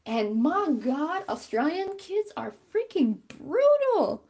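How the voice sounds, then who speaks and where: A woman's voice: high voice, very animated, takes it slowly, darkish tone. A woman chatting casually and rambling with many fillers while she crochets on a stream.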